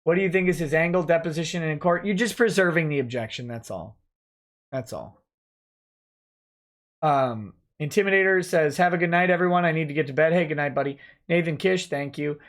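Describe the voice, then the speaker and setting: Male lawyer host, slightly high voice, casually reading and answering chat. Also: fast talker, few pauses, a bit bright. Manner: reads chat messages aloud and replies offhand. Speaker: livestream host reading viewer chats.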